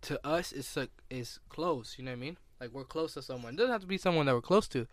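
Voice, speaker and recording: A man's voice: mid-range voice, animated, quick pace, dry recording. A young man co-hosting a podcast in casual chat, rambling with lots of fillers and restarts. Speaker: podcast co-host.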